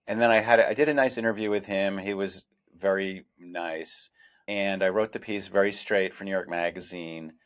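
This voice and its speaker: A man's voice: sits low, steady tone, moderate pace. A middle-aged man co-hosting a podcast, talking reflectively and frankly, often restarting his sentences. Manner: reflective, self-deprecating, many restarts. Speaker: investigative journalist, podcast co-host. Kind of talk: conversational podcast discussion.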